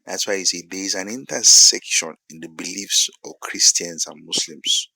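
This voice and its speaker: A man with a Nigerian English accent preaching a sermon-style monologue, repeating phrases for emphasis and building to loud peaks. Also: deep voice, moderate pace, creaky, no room sound, low-quality recording.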